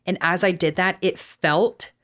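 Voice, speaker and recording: Casual Texan woman co-host, low-ish voice, swears, rambles. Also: steady tone, unhurried, fairly bright tone. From Texas. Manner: chatty, swears often, rambling asides. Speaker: podcast co-host. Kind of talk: casual podcast storytelling.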